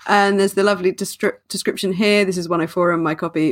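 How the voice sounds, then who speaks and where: A woman's voice: on the low side, steady tone. A woman co-hosting a podcast, chatting casually, reading passages aloud and adding dry wordplay. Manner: dry wordplay, slows down for emphasis. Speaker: podcast co-host.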